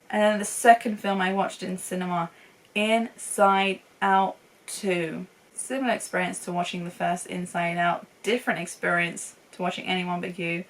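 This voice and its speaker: A woman's voice: medium pitch, a bit bright, distant mic, low-quality recording. A young woman chatting casually and enthusiastically as a film reviewer, laughing often. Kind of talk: casual chat.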